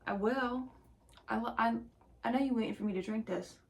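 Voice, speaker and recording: A young woman rambling casually to camera about her reading goals, excitable and profane, trailing off into half-whispered asides. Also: a little high, brisk, a little hiss or hum. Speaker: book vlogger.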